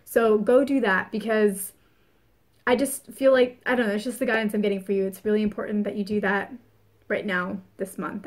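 A woman's voice: mid-range voice, fairly even intonation, moderate pace. A woman giving a casual spoken astrology forecast, chatty and earnest, repeating phrases for emphasis. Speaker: spiritual reader.

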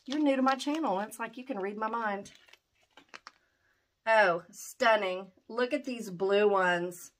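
A woman's voice: mid-range voice, slow. A middle-aged woman opening fan mail, gushing and exclaiming over each gift. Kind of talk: excited unboxing chat.

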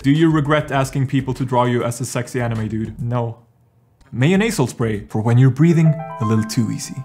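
Deadpan man over music. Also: medium pitch, brisk. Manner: deadpan, dry absurd humor. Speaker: YouTuber. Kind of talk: deadpan comedic vlog and Q&A. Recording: music playing underneath.

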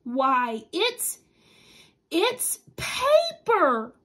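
A woman voicing an excited little boy civet in a storybook, with an eager, exclaiming manner. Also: very high-pitched, measured pace. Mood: amazed.

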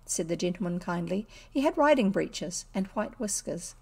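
A woman with a New Zealand accent, reading a classic children's story aloud in an expressive, measured way. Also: on the low side, vocal fry, husky. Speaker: audiobook reader. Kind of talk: storybook narration.

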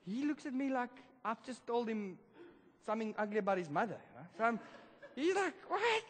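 A man preaching a sermon, telling a story in a lively, casual way with slang. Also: high voice, quick pace, a little hiss or hum. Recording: reverberant church hall.

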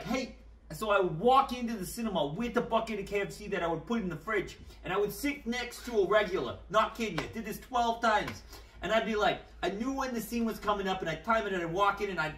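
A man co-hosting a casual chat show, telling stories in an animated way and swearing freely, in a room at home. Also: high-pitched, reverberant, far from the mic. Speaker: podcast co-host.

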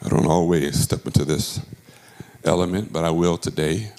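A male pastor preaching a sermon, with emphatic delivery that swings between high, drawn-out phrases and low, quiet ones. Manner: emphatic preaching with wide swings in pitch and loudness. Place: church sanctuary. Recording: roomy church echo.

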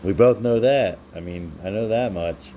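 A man's voice: lowish voice, normal speed, dark tone, slight background noise. A man on a live stream, reading viewers' comments aloud and answering them with playful, teasing banter. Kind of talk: casual live-stream chat.

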